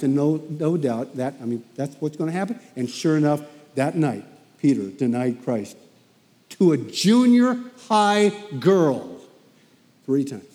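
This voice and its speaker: A man preaching a sermon as animated storytelling, often repeating himself as he goes. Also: fairly high pitch, a little slow, long reverb tail.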